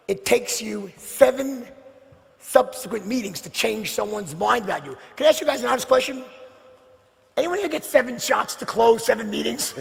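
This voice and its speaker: A man runs a live sales seminar, speaking straight to the audience with rhetorical questions and swinging between loud bursts and hushed near-whispers. His voice is high-pitched and creaky, with a big-room sound.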